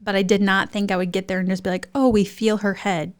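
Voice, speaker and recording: A young woman, a podcast guest telling a funny story in a lively, animated way and acting out other people's voices. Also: fast talker. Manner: lively, acts out voices of others in high excited tones. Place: podcast studio.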